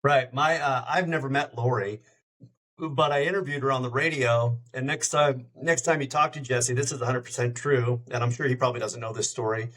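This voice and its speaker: A middle-aged man who hosts radio tells stories in an easygoing podcast chat. He rambles and jumps from one anecdote to another, with a voice of ordinary pitch. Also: steady tone, brisk, fairly bright tone. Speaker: radio show host, podcast guest. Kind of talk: casual storytelling chat.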